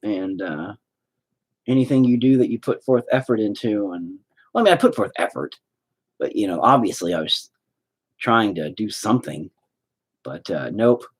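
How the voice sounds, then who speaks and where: A man's voice: fairly low pitch, big pitch swings, normal speed, husky. A man vlogging about his own art in a rambling, sarcastic, self-mocking way, swearing often. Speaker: artist vlogger. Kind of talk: casual self-deprecating vlog.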